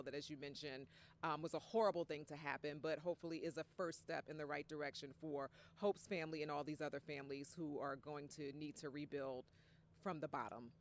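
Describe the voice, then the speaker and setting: A woman field reporter giving a live TV news report from outdoors on location, chatty and casual. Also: low-pitched. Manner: chatty, casual, warm-hearted.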